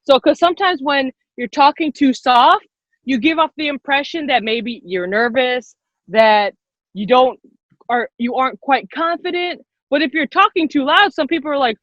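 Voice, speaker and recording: A high-voiced young woman teaches a live online class for girls, upbeat and encouraging and quick to laugh. Her voice is dry and close, with the dull, muffled edge of a video call. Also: fairly bright tone, dry recording. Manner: upbeat and encouraging, repeats herself, laughs often. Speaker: workshop leader. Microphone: computer mic on a video call.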